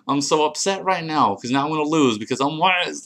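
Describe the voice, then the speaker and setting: A man casually narrating his own online game battle, crude, profane and excitable, grumbling at his opponent. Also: a little high, quick pace, hardly any pauses.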